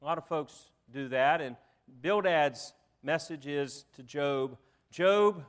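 A man's voice: a little high, steady tone, slow pace. A man, a pastor giving a sermon in a folksy, humorous storytelling manner. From Southern United States.

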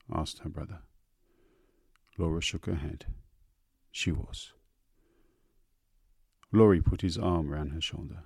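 A man reading a literary story aloud in a slow, measured, lingering way. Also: deep voice, fairly even intonation, gravelly, a little mellow, slightly rough, dry recording. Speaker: narrator.

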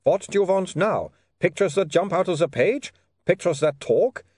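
A man voicing a touchy, excitable male vampire photographer who talks sarcastically, loud and well above his own pitch. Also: moderate pace, breathy edge, no echo, clean studio sound. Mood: sarcastic.

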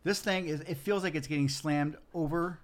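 A man's voice: on the high side, normal speed. A man telling a long rambling story on a casual podcast, full of fillers and acted-out quotes. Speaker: podcast guest, the host's uncle.

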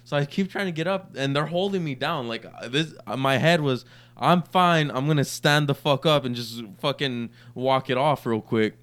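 A man's voice: medium pitch, normal speed, a bit bright. A young man on a podcast, casually telling a long, profane story and acting out the quoted lines. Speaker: podcast co-host.

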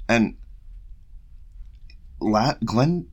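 A man casually retelling a story scene by scene and slipping into quick voiced asides as a podcast co-host. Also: medium pitch, expressive, husky. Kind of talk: casual book discussion.

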